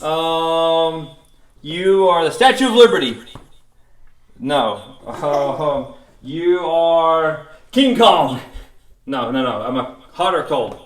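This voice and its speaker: A man teaching a playful children's Bible class, excited and goofy, laughing often. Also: on the high side, slow, long pauses, roomy sound. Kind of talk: playful kids' Bible lesson. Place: church classroom.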